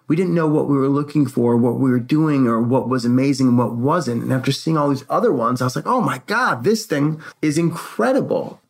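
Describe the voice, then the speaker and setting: A young man with a gravelly, fry-tinged voice tells a personal story in easy, casual chat. He is animated and slips into the voices of the people he quotes. His pitch sits in an ordinary middle range. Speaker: co-host.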